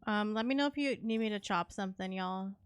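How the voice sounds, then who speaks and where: A woman's voice: mid-range voice, a little fast, clean tone, no room sound. A young woman streaming a cozy game, chatting casually with her viewers and teammates, playful and laughing often. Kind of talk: casual live-stream chat while gaming.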